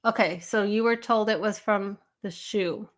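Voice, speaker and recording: Slow-talking woman chatting on a live stream. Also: mid-range voice, fairly even intonation. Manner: rambling, laughs often, hunts for names. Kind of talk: casual live stream chat with viewers.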